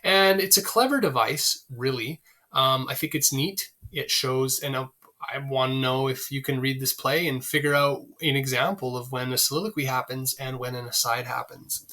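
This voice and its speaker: A male teacher talks through a literature lesson with a bright, forceful edge to his voice. He keeps it chatty, with plenty of fillers and rhetorical questions to his students. His pitch sits in an ordinary middle range. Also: steady tone, moderate pace. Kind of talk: recorded literature lecture.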